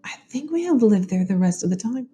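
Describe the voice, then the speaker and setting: A woman with a Southern US accent reading an older woman neighbor's testimony at an 1890s inquest in a plain, steady way. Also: on the high side, a little fast, a little hiss or hum, pitched above the performer's own voice, lightly acted. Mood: matter-of-fact.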